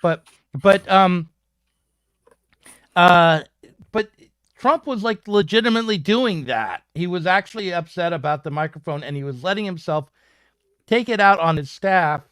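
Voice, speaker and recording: A man's voice: sits high, lively intonation, measured pace, pauses often, a bit bright, smooth, no room sound, clean studio sound. A man on a panel making a point hesitantly, with many fillers. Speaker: panelist in a political discussion. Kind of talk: conversational panel talk.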